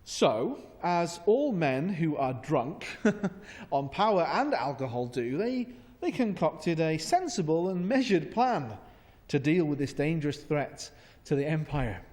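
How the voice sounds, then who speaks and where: Wry, animated male pastor, high voice, long church reverb. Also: a little slow. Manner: humorous, animated, sarcastic. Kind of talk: sermon.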